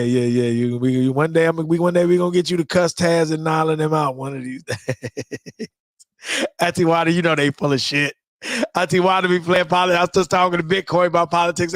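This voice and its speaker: A tired man from the US West Coast hosting a late-night live stream, talking loudly in profane, rambling banter. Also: high-pitched, no echo, clean studio sound.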